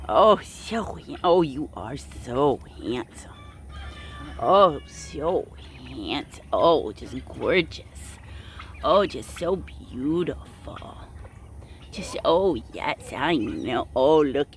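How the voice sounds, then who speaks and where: A woman with a deep, lilting voice coos slowly and fondly at her turkeys while filming them on her phone. She talks outdoors on a farm, with faint noise and birds around her. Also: sing-song. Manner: cooing and doting, breaking into soft laughs and whispers. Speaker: small farm owner. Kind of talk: casual talk to her animals on camera. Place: outdoors on a farm among poultry.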